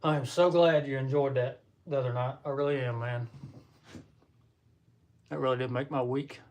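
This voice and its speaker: A man's voice: mid-range voice, steady tone, moderate pace, darkish tone. A young man with a Southern American accent, hosting a casual live chat on a stream in a chatty, folksy way. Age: young adult. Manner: folksy, chatty, addresses viewers as y'all. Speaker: livestream host. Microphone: computer or phone mic on a livestream.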